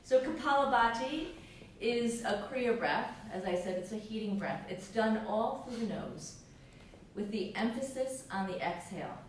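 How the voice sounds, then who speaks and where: A woman leads a yoga class, her voice gentle and encouraging as she asks how you are feeling. She is heard from a distance in a strongly echoing room with a faint hiss behind her. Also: on the high side, expressive, unhurried. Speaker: yoga teacher. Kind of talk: guided yoga class instruction. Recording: echoey room, mic far off, faint hiss.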